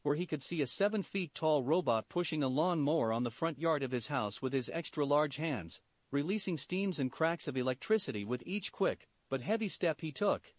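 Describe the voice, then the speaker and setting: A man narrating a fan fiction story aloud in an animated, expressive way. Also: on the high side, no echo. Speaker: story reader.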